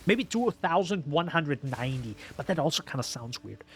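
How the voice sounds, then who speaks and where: A man's voice: fairly high pitch, animated, moderate pace, a little hiss or hum. A man streaming a video game, rambling casually to his viewers as he plays. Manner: rambling, chatty, talks to viewers. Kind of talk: live gameplay commentary.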